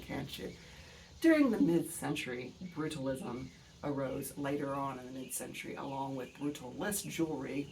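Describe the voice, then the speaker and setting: A woman's voice: low-pitched, vocal fry, far from the mic, slight background noise. A woman in her forties with an Alabama accent, hosting a casual book video; she rambles, digresses and swears freely while talking straight to her viewers.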